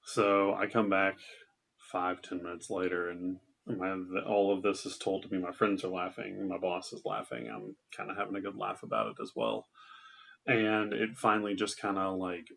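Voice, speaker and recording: Husky low-voiced guy rambling through a stand-up story, lots of likes and ums. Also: animated, normal speed, fairly bright tone. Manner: loose, rambling storytelling with many fillers. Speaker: stand-up comedian.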